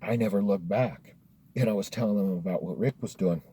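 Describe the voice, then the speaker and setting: A man's voice: on the low side, a little fast, mellow, breathy edge. A man telling a spooky story in a casual, profane, laid-back way, dropping "dude" often.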